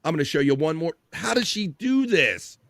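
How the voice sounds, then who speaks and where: A man's voice: fairly high pitch, very animated, normal speed, creaky, fairly bright tone, dry recording, studio quality. Joking, swearing stream host man. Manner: jokey, swearing, reading chat aloud. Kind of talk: casual live stream chat.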